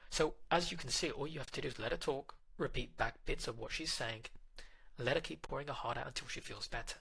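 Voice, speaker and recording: A man's voice: medium pitch, quick pace, creaky, pushed and bright, slightly rough, rough recording. A man, a relationship coach, narrating advice in a direct, instructive manner and addressing the listener.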